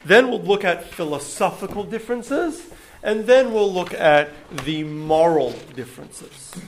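A man's voice: sits high, animated, a little slow, slight background noise. Man lecturing with frequent ums. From United States. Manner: hesitant, many ums and restarts. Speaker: lecturer on Judaism. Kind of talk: public lecture to an audience.

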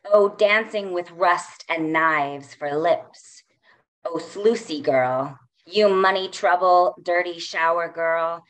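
A middle-aged woman poet reading her poems aloud in a slow, measured way with soft pauses between lines. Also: sits low. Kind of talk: poetry reading.

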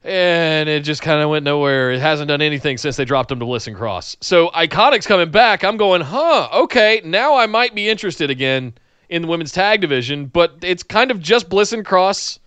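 A man with a bright, smooth voice talking casually as a co-host, often stumbling and repeating words as he starts his points. The sound is dry and close, with no room echo. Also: on the high side, expressive, moderate pace. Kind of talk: casual wrestling chat.

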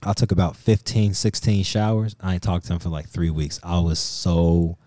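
A man's voice: low-pitched, normal speed, no echo, clean studio sound. A man on a podcast, casually telling a profane story and acting out what people said. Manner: profane, animated storyteller who acts out quotes. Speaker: podcast co-host.

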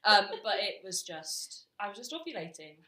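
A woman's voice: medium pitch, very animated, normal speed, sharp tone, reverberant, a little hiss or hum, poor audio. A young woman co-hosting a podcast, talking candidly and expressively and mocking herself. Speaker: podcast co-host. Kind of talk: casual chat.

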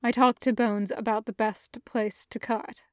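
A woman voicing a calm, gentle soldier commander who speaks soothingly. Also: a little high, a little slow, no room sound, clean studio sound, close to an everyday voice.

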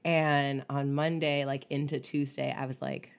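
A woman with a low voice co-hosts a podcast and chats casually. She tells stories in an animated way, full of fillers. Her voice has only just come back after she lost it. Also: unhurried. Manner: chatty, animated storytelling with many fillers. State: voice just recovered from laryngitis. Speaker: podcast co-host. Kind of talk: casual chat.

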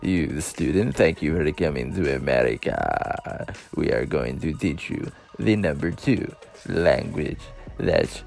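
A man mimicking a condescending male teacher who addresses immigrant students slowly and over-enunciates. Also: very deep voice, big pitch swings, gravelly, a little mellow, soft background music, pitched below the performer's own voice, heavily acted. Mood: patronizing.

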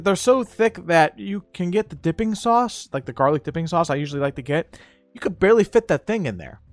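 Animated, laughing male podcast host. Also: fairly high pitch. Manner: rambling, self-amused, laughs at own jokes. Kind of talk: casual solo podcast monologue.

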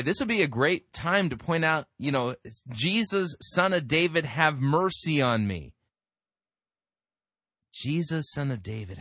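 A man's voice: mid-range voice, sharp tone, no echo. A man giving sarcastic commentary on a sermon, with laughing asides. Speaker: podcast host mocking a sermon.

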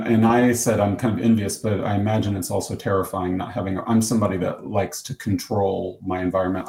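A man with an American accent co-hosting a podcast in casual chat, self-deprecating and halting with fillers. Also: low-pitched, darkish tone. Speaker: podcast co-host. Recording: roomy echo.

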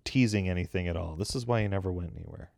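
A man's voice: low-pitched, rapid-fire, gravelly, darkish tone, dry recording, clean studio sound. A man co-hosting a casual chat, wry and sarcastic. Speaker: podcast co-host.

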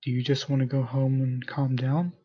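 Soft-spoken caring husband read by a man, calm, comforting, muffled lo-fi sound. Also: mid-range voice, normal speed, slightly rough, natural voice. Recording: dull lo-fi recording.

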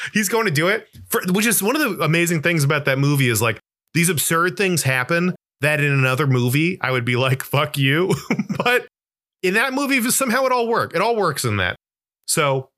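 Guy co-hosting a podcast, bright sharp voice, swears a lot, gets loud and squeaky when he rants. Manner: animated, profane ranting, voice jumps up when worked up. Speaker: podcast co-host. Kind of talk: casual movie chat.

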